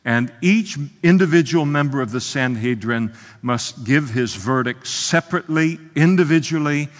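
A man preaching an expository sermon as pastor, impassioned, swinging from soft, low asides to loud, emphatic outbursts. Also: normal speed. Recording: long hall reverb.

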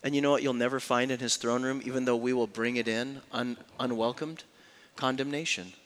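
A man preaching a sermon as a pastor, swinging between hushed, slow lines and loud, raised passages. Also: medium pitch, fairly even intonation.

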